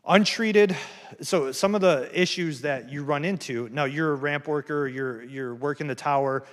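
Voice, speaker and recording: Speaking at a normal pace in a slightly high voice, a man recounts his recovery to an audience at a campus event. The testimony is frank and earnest, plain-spoken with a self-deprecating streak, and the recording has hall reverb.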